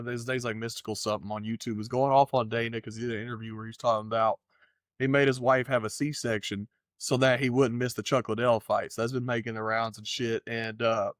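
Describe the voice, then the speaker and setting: A man chatting on a fight podcast in a loose, rambling way, swearing freely as he gives his takes. His voice sits at an ordinary pitch for a man. The sound is dry and close, with no room around it. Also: no echo. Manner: loose, profane, rambling, does impressions of fighters. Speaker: podcast co-host. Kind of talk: casual chat.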